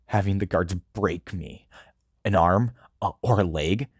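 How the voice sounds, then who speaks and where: Deep-voiced man reading a story. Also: darkish tone, no room sound, clean studio sound. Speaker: audiobook reader. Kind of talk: first-person story narration.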